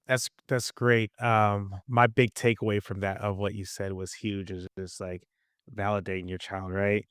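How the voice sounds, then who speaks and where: Very deep-voiced man hosting a podcast. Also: little pitch movement, normal speed, fairly bright tone, smooth, dry recording, studio quality. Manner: reflective, summing up the guest's point. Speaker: podcast host. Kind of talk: podcast interview.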